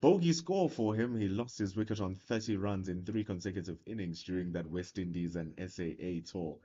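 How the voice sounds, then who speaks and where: A man calling live cricket play, lively and playful between the deliveries. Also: deep voice, normal speed, slightly rough. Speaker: cricket commentator. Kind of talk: live sports commentary. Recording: lo-fi broadcast sound.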